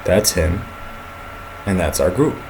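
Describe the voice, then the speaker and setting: A young man narrating a student project video in a casual, energetic storytelling way. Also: sits low, slow pace, noisy background. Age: young adult. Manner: energetic storytelling, acts out the others' lines.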